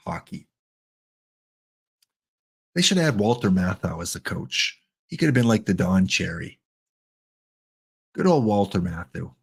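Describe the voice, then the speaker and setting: A middle-aged man giving chatty, joking live-stream commentary while playing a baseball sim, excited and wired on coffee. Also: lowish voice, gravelly. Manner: chatty, joking, talks to chat bots.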